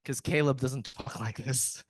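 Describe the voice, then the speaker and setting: A man's voice: mid-range voice, fairly even intonation, measured pace. A man in IT giving a casual, joking conference presentation, chatty and often breaking off mid-sentence to restart. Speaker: IT speaker at a tech summit.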